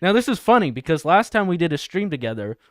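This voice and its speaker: Male stream host, crude and laughing, slightly high smooth voice, dry mic. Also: sing-song, fast, dry recording. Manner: laughing, crude, reading chat and video text aloud. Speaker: livestream host. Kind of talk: satirical livestream commentary.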